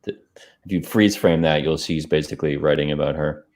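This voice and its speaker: A man's voice: a bass voice, fairly quick, darkish tone. A man, a filmmaker, talking casually over his own film during a watch party, rambling with many fillers and restarts on a video call.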